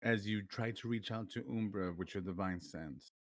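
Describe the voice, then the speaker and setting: A man's voice: lowish voice, moderate pace, no room sound, clean studio sound. A man narrating a tabletop role-playing game as game master, describing what the players sense.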